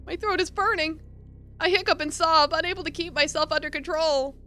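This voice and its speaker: A woman's voice: extremely high pitch, steady tone, fairly quick, pushed and bright, faint music behind. A woman streamer reading a game aloud, dramatic, jumping from narration to shrieks and mock sobs.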